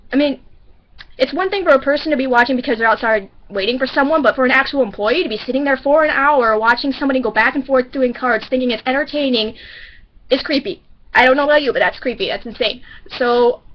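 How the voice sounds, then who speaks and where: A woman's voice: high-pitched, muffled recording. A woman telling a story about work in a casual, rambling way, often correcting herself. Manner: rambling, self-correcting, chatty. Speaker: grocery store bagger.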